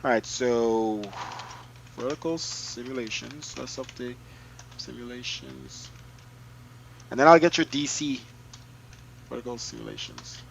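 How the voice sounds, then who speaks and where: At a measured pace and with long pauses, a man with a gravelly, medium-pitched voice streams a flight simulator. He's excitable, talking to viewers and muttering while going through menus, with a bit of hiss or hum in the recording.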